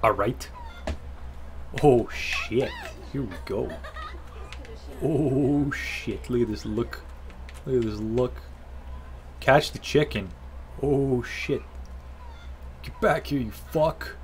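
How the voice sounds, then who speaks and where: Gaming host, male, slow, joking and crude, talks to the game, faint hiss behind. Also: medium pitch. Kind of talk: casual let's-play commentary.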